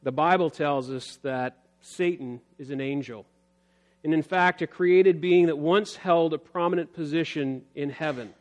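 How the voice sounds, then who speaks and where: A pastor preaches a sermon at a measured pace, his delivery earnest as it builds in emphasis and then falls low. He reads scripture aloud along the way.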